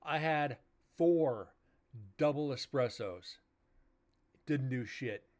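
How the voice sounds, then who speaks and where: This livestream host sounds tired as he talks casually to viewers about a conflict at work, using filler words and swearing along the way. His medium-pitched voice is a little mellow, and he takes it slowly.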